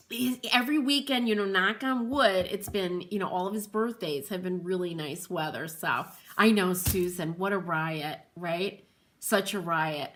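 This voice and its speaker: Chatty bright-voiced woman livestream host. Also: medium pitch. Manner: rambling, laughs often, addresses viewers by name. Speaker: host of a furniture painting livestream. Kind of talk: chatty livestream talk to viewers.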